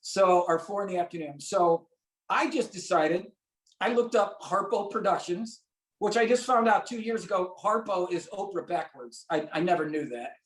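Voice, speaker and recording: A man's voice: high-pitched, normal speed. A man from St. Louis telling a personal story as an interview guest, acting out the voices of people he quotes. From St. Louis, USA. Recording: roomy echo.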